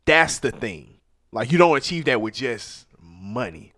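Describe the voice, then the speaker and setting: A man, co-hosting a casual chat; animated, laughs a lot and repeats himself. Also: medium pitch, measured pace, no echo, studio quality.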